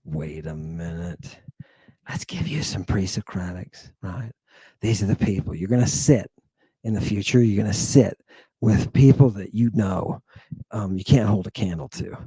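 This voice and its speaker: A man teaching Ancient Greek words, dramatic and teasing, who swings from loud exclamations to low murmurs and draws out his pronunciations. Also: slightly rough, no room sound. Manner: teasing, confrontational with the listeners; drawn-out emphatic pronunciation.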